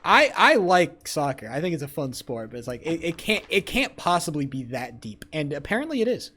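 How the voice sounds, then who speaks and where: A young man live-streaming, loudly trash-talking and swearing as he banters with his chat. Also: a little high, big pitch swings, fairly quick, a little hiss or hum. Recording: faint music behind the voice.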